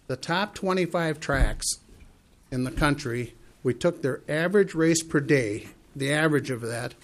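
A man's voice: mid-range voice, vocal fry. Earnest man testifying with figures. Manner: earnest, persuasive, cites figures with pauses and restarts. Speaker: horse farm owner testifying at a committee. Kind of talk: legislative committee testimony.

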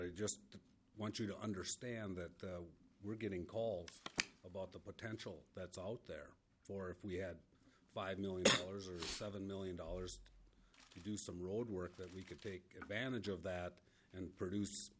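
A man, a senator chairing a committee hearing and questioning a witness. He speaks haltingly, with many filler words. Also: low voice, noisy background.

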